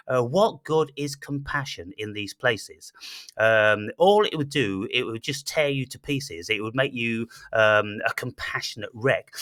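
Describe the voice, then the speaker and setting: A man's voice: medium pitch, bright, forceful tone, dry recording, clean studio sound. A man hosting a blunt, profane monologue, full of fillers and restarts. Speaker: channel host. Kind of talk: ranting monologue.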